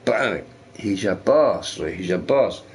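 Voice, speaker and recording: Young man, game streamer, casual chat, profane, rambling, lowish voice. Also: moderate pace. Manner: profane, rambling, animated storytelling.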